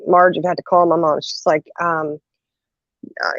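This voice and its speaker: This woman's voice sits low and moves at a moderate pace as she hosts a casual conversation about a funny family story. She's lively and laughs often, acting out the quotes. The dull lo-fi recording has no room sound.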